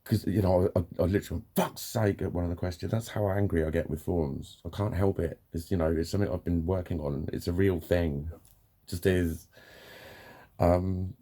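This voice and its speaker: A man's voice: deep voice, fairly even intonation, brisk, mellow. A man venting in a ranting personal vlog, swearing often and sounding exasperated. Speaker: vlogger.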